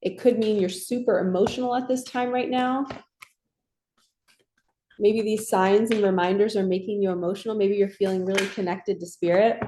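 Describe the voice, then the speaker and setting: A woman giving a casual spiritual card reading in a soft, reassuring, affirming way. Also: mid-range voice, steady tone, normal speed, a little hiss or hum. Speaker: tarot and oracle card reader. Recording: echoey room.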